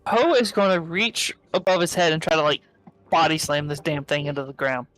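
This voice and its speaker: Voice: mid-range voice, brisk, music in the background, poor audio. A player in a tabletop game who talks in a brash, slangy way.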